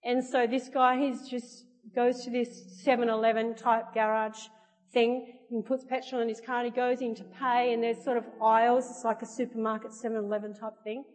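A woman preaching a sermon, telling stories lively and acting out the characters. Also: on the high side, moderate pace. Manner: lively storytelling that acts out the characters. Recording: echoey hall with soft music.

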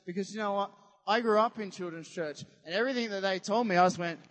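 Man, pastor, animated sermon, high voice, long hall reverb. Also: fairly quick. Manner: animated, conversational, quizzes the congregation. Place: church hall.

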